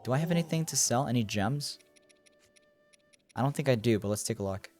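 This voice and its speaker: A man's voice: medium pitch, animated, fairly quick, a little mellow, soft background music. Rambling male game streamer. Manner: rambling, thinking aloud while playing; chats with viewers. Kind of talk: casual gameplay commentary.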